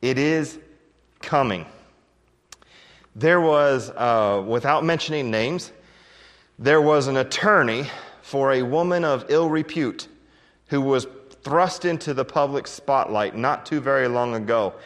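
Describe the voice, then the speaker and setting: A man's voice: mid-range voice, a little slow, a bit bright. Man, pastor, sermon, folksy storytelling, chuckles, long hall reverb.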